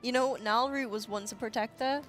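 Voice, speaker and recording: A woman's voice: a little high, fairly even intonation, normal speed, a bit bright, faint music behind. Chatty woman co-casting a game stream. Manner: chatty, teasing, explains game lore. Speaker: stream co-caster. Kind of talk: casual banter on a gaming livestream.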